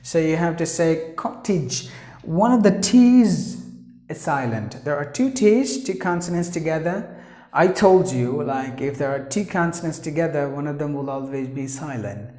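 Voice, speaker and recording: A man teaching English pronunciation from India, who repeats each word slowly and stresses its sounds. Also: fairly high pitch, expressive, mellow. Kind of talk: slow, patient pronunciation lesson. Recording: roomy echo.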